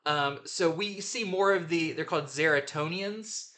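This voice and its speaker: A man's voice: on the high side, unhurried, bright, forceful tone. A man hosting a comic book review show, chatting casually and enthusiastically with lots of fillers.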